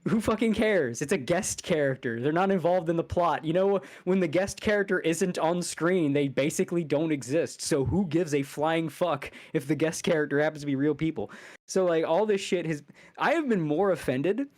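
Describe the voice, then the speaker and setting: A man on a casual podcast, ranting in an angry, profane, heated way with sudden fast bursts. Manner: fast bursts and sudden loud jumps in pitch. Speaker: podcast co-host.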